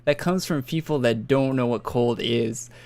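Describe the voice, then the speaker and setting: A man's voice: mid-range voice, moderate pace, darkish tone. A young man from northern Alberta, rambling and swearing casually as he chats on a gaming stream. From northern Alberta, Canada. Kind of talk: casual live-stream chat. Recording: faint music behind.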